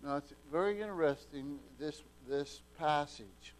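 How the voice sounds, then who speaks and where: A man preaching a sermon in a folksy, homespun way, often restarting and repeating words and swinging from soft asides to loud, emphatic peaks. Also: a little high, unhurried, low-quality recording.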